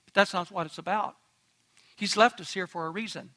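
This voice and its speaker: A man's voice: high-pitched, fairly even intonation, fairly quick, sharp tone. A man pastor preaching a sermon in an earnest, emphatic way, asking the congregation direct questions.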